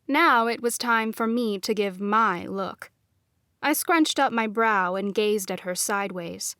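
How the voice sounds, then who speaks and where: Slow, dry first-person audiobook narrator, woman. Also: mid-range voice, a bit bright, no echo.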